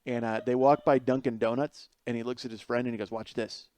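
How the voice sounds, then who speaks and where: A man's voice: medium pitch, fast talker, smooth, dry recording. Profane man telling a funny story. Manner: animated, swears freely, laughs through punchlines. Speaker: podcast host. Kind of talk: comedic storytelling monologue.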